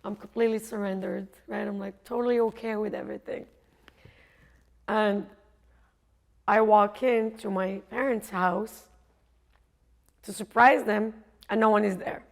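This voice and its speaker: A woman's voice: mid-range voice, steady tone, measured pace, vocal fry, long pauses. A woman coach telling a personal story in a chatty way, laughing often and acting out what others said. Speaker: coach and speaker.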